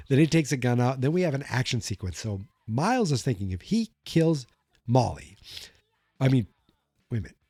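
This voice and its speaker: A man's voice: medium pitch, sing-song, normal speed, darkish tone, breathy edge, no room sound, studio quality. A man hosting a podcast, recapping a film in a loose, rambling way, often correcting himself and acting out characters' lines. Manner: rambling, self-correcting, acts out quotes. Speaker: podcast host. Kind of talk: casual movie recap.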